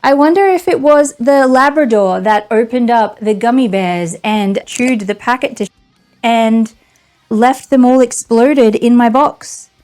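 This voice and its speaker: A woman's voice: fairly high pitch, unhurried, a little mellow. Aussie woman vlogging an unboxing, dry sarcastic rants, laughs a lot, bit of music under it. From Australia. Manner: sarcastic, exasperated, laughing often. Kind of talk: casual unboxing vlog.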